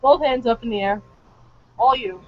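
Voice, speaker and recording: A woman's voice: a little high, moderate pace. A woman in an online tabletop role-play, briefly narrating what her character does. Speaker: player. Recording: muffled voice chat with faint noise.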